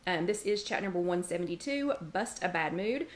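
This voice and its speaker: Speaking at a normal pace in an expressive, lowish voice, a chatty middle-aged woman hosts a weight-loss support livestream in her home kitchen. She calls out viewers by name in turn and reads their comments, pausing here and there to scold her dog.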